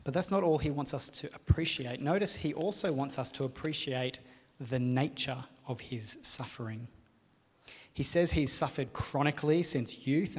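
A man preaching a sermon to a gathered room, speaking in an earnest, measured way and pausing for rhetorical questions. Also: mid-range voice, slightly rough. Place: hall with a live audience. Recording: long reverb of a large hall.

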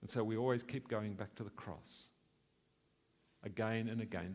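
A man's voice: on the low side, fairly even intonation, moderate pace, darkish tone, in a large hall. A man preaching a sermon in an earnest way, asking rhetorical questions and swelling for emphasis.

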